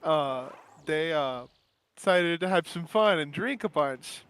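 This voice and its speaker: A man's voice: a little high, animated, takes it slowly, fairly bright tone, clear, resonant tone. A man telling a long casual story while gaming, rambling and laughing often. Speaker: gamer streaming with a co-host.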